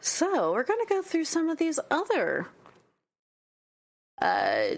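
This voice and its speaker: A woman's voice: high-pitched, wildly swooping pitch, slow, vocal fry. A woman co-hosting a podcast in casual chat, giggly and rambling, often losing her words mid-sentence. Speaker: podcast co-host.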